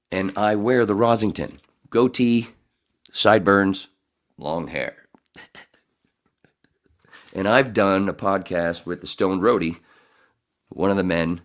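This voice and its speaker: A man's voice: low-pitched, a bit bright. A middle-aged man hosting a podcast in casual chat, rambling and swearing, often laughing. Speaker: podcast host.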